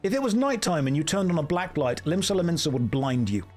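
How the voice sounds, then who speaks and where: A British man streaming a game, bantering with chat in a sarcastic, deadpan way. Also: fairly high pitch, quick pace, faint music behind. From Britain. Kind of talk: casual livestream commentary.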